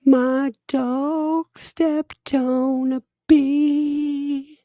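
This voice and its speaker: A man putting on a mocking, high falsetto of a sobbing woman, drawn out and sing-song. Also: slow, gravelly, warm tone, no echo, studio quality, heavily acted. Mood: whiny sing-song. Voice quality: shrill, wailing falsetto.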